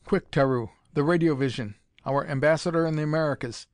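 A man's voice: fairly high pitch, fairly quick, dry recording, clean studio sound, close to an everyday voice. A man playing a gloating mad old tyrant. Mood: furious. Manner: gloating, menacing. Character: cruel mad old male tyrant emperor.

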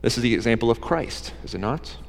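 A man's voice: mid-range voice, lively intonation, quick pace, creaky, long reverb tail. A man preaching a sermon to his church, earnest and conversational, asking the listeners rhetorical questions. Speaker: pastor.

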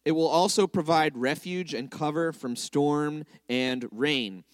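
A man with a fairly high voice leads a congregation through a lively sermon, talking to them in a casual, back-and-forth way. The sound is dry and close, with no room echo. He keeps asking his listeners to follow along and join in. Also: unhurried. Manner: conversational, checks in with listeners often. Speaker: congregational teacher. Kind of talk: interactive sermon teaching.

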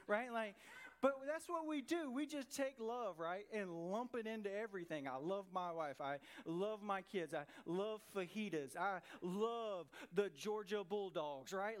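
A middle-aged man preaching a conversational sermon as pastor, animated and full of rhetorical questions. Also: sits high, a little slow. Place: church sanctuary.

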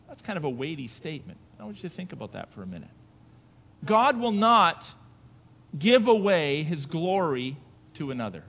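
A male pastor preaching a sermon, moving between quiet conversational asides and loud emphatic declarations, with rhetorical questions to the congregation. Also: a little high, big pitch swings, normal speed, in a large hall.

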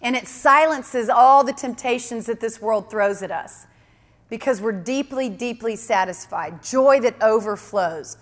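Woman preacher, high voice, earnest and emphatic, repeats for stress, reverberant hall sound. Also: measured pace. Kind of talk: sermon.

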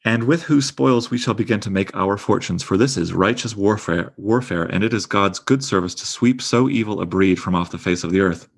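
A man's voice: on the low side, a little fast, gravelly, hardly any pauses. A man reading as a solemn, deluded old knight. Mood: grandiose. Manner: solemn, lofty archaic speech.

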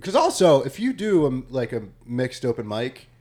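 A man's voice: mid-range voice, big pitch swings, a little mellow. A young man, a stand-up comedian, chatting casually, giggly and swearing often as he talks. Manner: giggly, swearing, quick to laugh. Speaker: stand-up comedian, podcast co-host. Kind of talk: casual chat.

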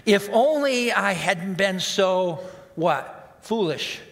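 A man's voice: sits high, animated, slow, gravelly, a bit bright. A man preaching a conversational sermon, acting out the inner voices of his listeners. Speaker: pastor. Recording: long hall reverb.

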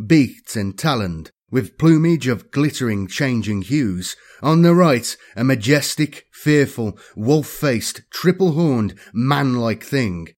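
A male narrator reads a dark science-fiction story in a measured, dramatic way. His voice sits at an ordinary middle pitch and holds a steady reading pace. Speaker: audiobook narrator. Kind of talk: scripted narration.

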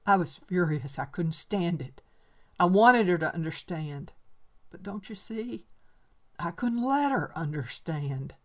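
A woman's voice: fairly low pitch, animated, unhurried. A woman voicing a lonely old man making a desperate, bitter confession, in a raised and emphatic voice. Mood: agitated.

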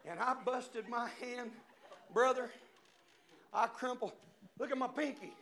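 A male preacher giving a sermon, telling a story with shouted, animated swings. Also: high voice.

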